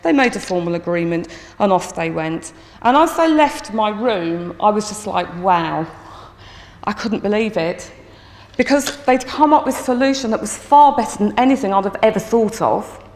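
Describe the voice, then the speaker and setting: A woman teacher telling a story from her school to an audience, lively and acting out her own thoughts. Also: mid-range voice, moderate pace. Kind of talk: storytelling talk. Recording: echoey hall with long reverb.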